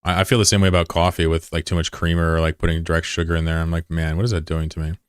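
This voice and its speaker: A man's voice: sits low, flat delivery, rapid-fire, clear, resonant tone, no echo, clean studio sound. A man streaming a game and chatting casually with viewers, rambling and curious, with plenty of fillers and swearing. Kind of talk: casual chat with viewers while gaming.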